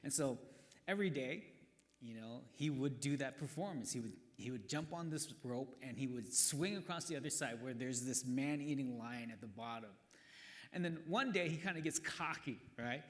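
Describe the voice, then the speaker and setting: A man's voice: medium pitch, expressive, moderate pace. A male pastor preaching a sermon in a casual, chatty way, often checking in with "right?". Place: church worship hall. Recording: long reverb of a worship hall.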